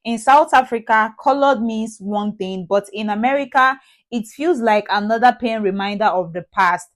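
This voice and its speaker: A woman hosting a reaction channel, giving measured, earnest explanatory commentary. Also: fairly high pitch.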